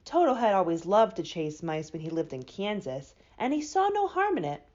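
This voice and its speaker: A woman librarian reading a children's book aloud with expressive storybook delivery. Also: mid-range voice, moderate pace, highs cut off.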